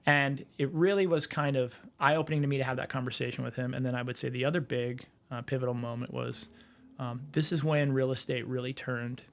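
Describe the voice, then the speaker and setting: A man in his forties tells his story on a casual podcast, his voice carrying a gravelly edge. He rambles through it, with plenty of fillers and restarts along the way. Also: mid-range voice, fairly even intonation, fairly quick. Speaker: podcast guest, real estate entrepreneur.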